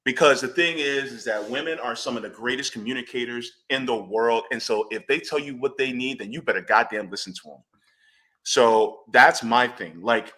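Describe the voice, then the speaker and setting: A man speaks on a panel in an emphatic, blunt way, letting loose a curse when worked up. His voice is bright and forward, set at an average pitch. He leans hard on his key points. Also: moderate pace. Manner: emphatic, blunt, swears freely. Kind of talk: impassioned panel discussion.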